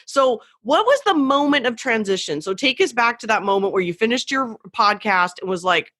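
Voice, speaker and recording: A woman's voice: fairly high pitch, expressive, moderate pace, a bit bright. A middle-aged woman hosting a podcast from her home office, chatting casually and enthusiastically with lots of affirmations. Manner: enthusiastic, affirming, wandering phrasing. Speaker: podcast host. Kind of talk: casual interview chat.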